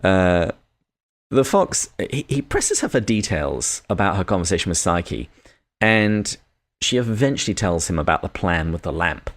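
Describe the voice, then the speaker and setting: A British man with a very low, deep voice talks through a book on a podcast. He is measured and reads short passages aloud as he goes. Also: sing-song. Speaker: podcast co-host. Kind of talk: casual book discussion.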